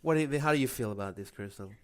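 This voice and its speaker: A male podcast co-host in casual gaming chat. His voice sits at an ordinary middle pitch, and he talks in a halting way, stumbling and restarting sentences as he goes. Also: animated.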